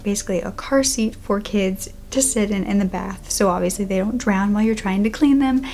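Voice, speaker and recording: A woman's voice: mid-range voice, a little hiss or hum. Young woman telling a true story. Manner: animated, conversational, drops to a whisper for tense moments. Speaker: YouTuber. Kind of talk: casual storytelling to camera.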